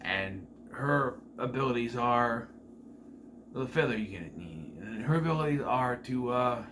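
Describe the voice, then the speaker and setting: A man's voice: medium pitch, animated, measured pace, background noise. A man giving a casual spoken review of a TV season, rambling with frequent fillers and self-corrections and the odd wry, incredulous aside.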